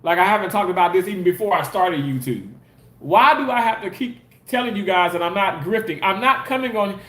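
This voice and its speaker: A man's voice: high-pitched, lively intonation, a little fast, fairly bright tone, reverberant. A man live streaming in a casual chat, reading viewer comments aloud and defensively arguing back at his critics. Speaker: live streamer and content creator.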